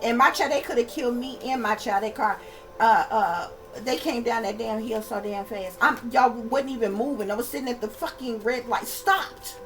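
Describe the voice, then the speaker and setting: A woman's voice: a little high, moderate pace, a bit bright, soft background music, rough recording. A woman hosting her channel, ranting casually to viewers in an emphatic, profane, repetitive way and calling them y'all. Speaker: channel host and psychic reader. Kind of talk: casual rant to camera.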